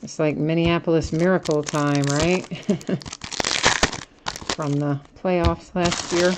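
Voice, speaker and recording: A woman runs a live-stream card break, chatting and reading each card aloud as packs are opened, often laughing at herself. She speaks slowly with a deep, gravelly voice and long pauses, over very noisy audio.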